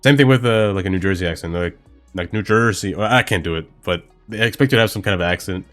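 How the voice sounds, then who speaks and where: Casual streamer: low-voiced man, rambling chatter over soft music. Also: fast talker. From Brooklyn, New York. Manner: rambling, thinks aloud with many fillers. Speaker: game streamer. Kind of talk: casual gameplay commentary chatting with viewers.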